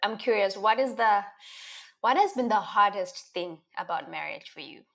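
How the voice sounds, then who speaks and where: A woman's voice: medium pitch, lively intonation, normal speed, gravelly, a bit bright. Woman host, attentive interviewer, mid voice, encouraging. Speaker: podcast host.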